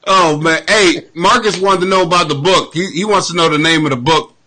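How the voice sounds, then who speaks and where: A man's voice: fairly high pitch, brisk, pushed and bright. A man hosting a casual podcast, who mostly listens with short murmurs and laughs easily. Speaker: podcast host.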